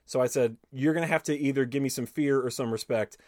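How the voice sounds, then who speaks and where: A podcast host reads an interview aloud, full of swearing and quoted back-and-forth. His voice sits at an ordinary middle pitch, recorded dry and close with no room around it. He stops now and then to add his own remarks. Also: fast talker, dry recording. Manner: animated, profane storytelling, switching between reading and commenting.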